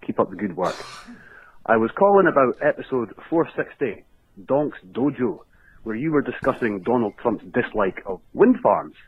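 Brief: Scottish caller, husky, phone-line sound, chatty. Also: male voice, mid-range voice, very animated, normal speed. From Scotland. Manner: casual, chatty storytelling. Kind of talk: phoned-in voicemail story.

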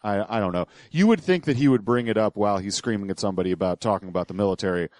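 A man's voice: lowish voice, rapid-fire, darkish tone, no echo. Hesitant man hosting a podcast, dry sound. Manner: digressive, hesitant, lots of uhs and restarts. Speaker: podcast host. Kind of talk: casual podcast commentary.

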